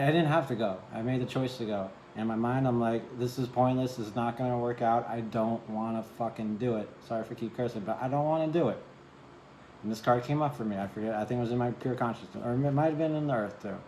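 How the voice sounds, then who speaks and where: Mellow-voiced man giving a casual tarot reading. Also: mid-range voice, quick pace, reverberant, slight background noise, poor audio. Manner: chatty, keeps asking "right?", curses and apologizes. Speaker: tarot reader.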